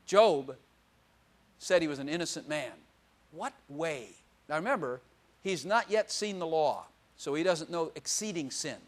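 An older man preaching a sermon, animated, swinging from loud exclamations to quiet asides and laughing often. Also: on the high side, a little slow.

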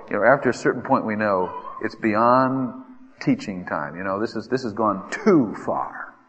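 A man preaching a sermon, acting out desperate pleas in a lively way. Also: dull audio. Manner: animated, acts out pleas with rising pitch. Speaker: pastor. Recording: reverberant hall.

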